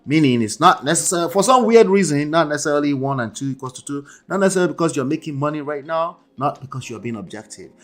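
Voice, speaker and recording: A man's voice: a little high, lively intonation, fast, hardly any pauses. Emphatic male coach reacting to a clip. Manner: emphatic, keeps checking in with "okay?" and "right?". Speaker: relationship coach and host. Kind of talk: reaction commentary on a debate clip.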